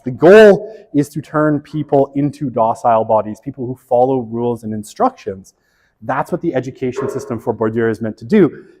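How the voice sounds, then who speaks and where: A man's voice: mid-range voice, darkish tone. Lecturing man in an echoey hall. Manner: conversational, lots of "right?" tag questions; self-correcting, wry asides. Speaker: college sociology instructor. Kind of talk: classroom lecture. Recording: long reverb of a lecture hall.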